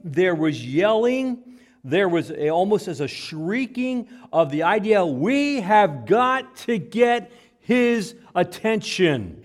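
Animated male preacher, lively pitch. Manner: animated preaching, dramatizes quotes, repeats words. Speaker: pastor. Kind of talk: sermon. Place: church with microphone.

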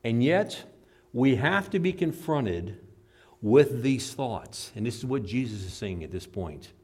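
A man preaching a sermon as pastor, swinging between loud emphatic lines and low, quiet asides. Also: animated, unhurried, slightly rough.

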